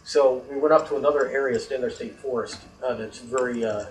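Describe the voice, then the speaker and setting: A man's voice: mid-range voice, a little fast, roomy sound, far from the mic, noisy background. A man telling a story in casual chat, rambling and swearing, getting worked up when annoyed.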